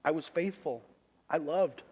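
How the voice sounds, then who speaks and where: A middle-aged man, a pastor, giving a sermon testimony in an earnest, halting way with many restarts. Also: on the high side, darkish tone, breathy edge.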